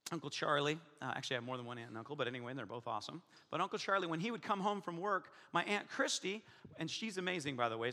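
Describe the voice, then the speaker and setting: A middle-aged male pastor preaches in a raised, bright voice, acting out the people in his story. His pitch leaps and dips with animation. The sound carries a long echo from a large church hall. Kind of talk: sermon with personal story.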